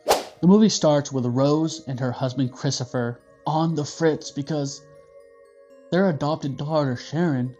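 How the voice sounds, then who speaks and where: A man's voice: on the high side, measured pace, music in the background. A man hosting a casual movie review, joking and swearing freely. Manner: profane, joking, animated.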